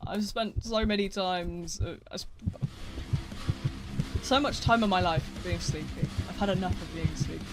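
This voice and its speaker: A man's voice: high-pitched, a little slow, pauses often, music in the background. A man streaming a video game, chatting casually with viewers in a playful, joking way with mock-dramatic outbursts. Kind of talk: casual live-stream chat while gaming.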